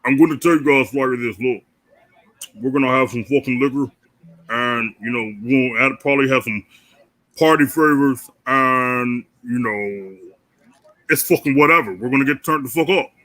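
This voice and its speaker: A man's voice: medium pitch, moderate pace, fairly bright tone, lightly acted. A man voicing a brash, generous Spanish party host who talks like a movie villain. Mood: boastful. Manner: swaggering, generous, profane.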